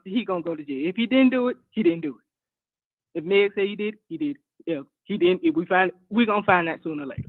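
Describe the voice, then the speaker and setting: A man's voice: high voice, no room sound. A man calling in to a talk show, earnest and repeating his points as he gets emotional. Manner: earnest, repetitive, getting emotional. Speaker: caller. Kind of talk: call-in commentary. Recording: dry phone line.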